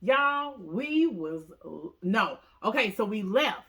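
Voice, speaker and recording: Woman, fairly high voice, casual storytime, animated, acts out quotes, talks to viewers. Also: slow pace. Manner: animated, acts out quotes with big pitch jumps; talks straight to viewers, says "y'all" often. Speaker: co-host telling a story.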